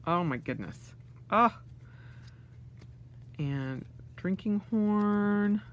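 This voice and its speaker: A woman's voice: medium pitch, expressive, very slow, highs cut off, slight background noise. A woman vlogger unboxing things, gushing with gasps and delighted exclamations. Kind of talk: casual unboxing vlog.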